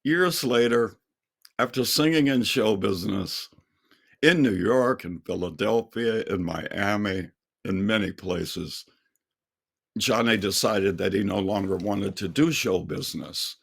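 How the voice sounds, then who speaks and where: An older man tells a personal story slowly and earnestly. His voice sits low and has a gravelly edge. He takes his time with every phrase. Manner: slow, earnest storytelling with quoted dialogue. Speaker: singer and speaker. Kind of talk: testimony storytelling.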